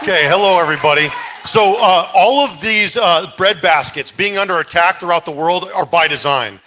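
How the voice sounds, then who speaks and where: Debate candidate, high bright voice, rushed delivery with lots of uhs and ums. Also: male voice. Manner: rapid, filler-heavy, urgent. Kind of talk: campaign debate answer.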